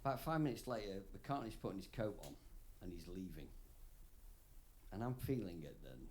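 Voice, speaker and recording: A man's voice: sits low, animated, moderate pace, darkish tone, a little hiss or hum. Drunk rambling man telling a stage story. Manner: profane, rambling, laughs between phrases. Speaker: singer-songwriter performing live. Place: concert hall stage. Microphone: stage vocal mic, soundboard feed.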